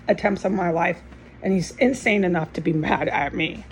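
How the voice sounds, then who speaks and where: A woman's voice: fairly low pitch, brisk, slight background noise, low-quality recording. A woman filming herself at home, talking to the camera in an agitated rant full of swearing. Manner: agitated, ranting, heavy swearing. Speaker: vlogger. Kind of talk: angry rambling monologue to camera. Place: indoors at home.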